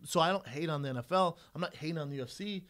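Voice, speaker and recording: A man's voice: a little high, rapid-fire, fairly bright tone. A man in his thirties co-hosting a podcast, talking bluntly and swearing on a studio mic. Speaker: podcast co-host. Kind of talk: casual debate.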